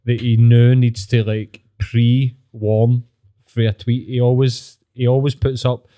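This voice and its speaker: A man's voice: mid-range voice, little pitch movement, moderate pace, dark tone. A man with a Glaswegian Scottish accent, hosting a podcast in casual, sweary, mocking chat. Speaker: podcast host.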